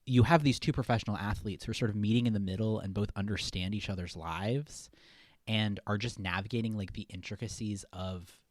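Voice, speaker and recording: A young man with a fairly low voice talks loosely about a movie, filling his sentences with "like" and "um." He sounds close to the mic in a dry, deadened space. The tone is casual podcast chat. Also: a little fast, no echo. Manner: relaxed, rambling, lots of fillers. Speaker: podcast co-host.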